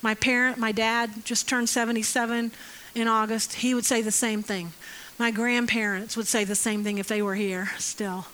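A woman's voice: fairly high pitch, level tone, normal speed, a bit bright, slight background noise, rough recording. A woman in her fifties preaching a conversational sermon as pastor, acting out quotes and stories. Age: 50s. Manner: conversational, acts out quotes, laughs often.

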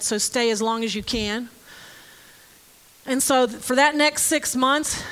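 A high-pitched, middle-aged woman shares a personal testimony in an earnest storytelling voice. She speaks plainly and openly, with soft laughs between her lines. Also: low-quality recording.

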